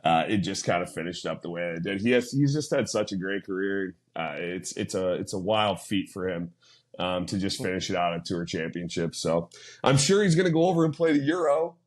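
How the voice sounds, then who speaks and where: Casual podcast co-host, male, low-pitched voice, rambling, animated storyteller. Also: brisk. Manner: rambling, animated retelling with quoted asides. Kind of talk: casual chat.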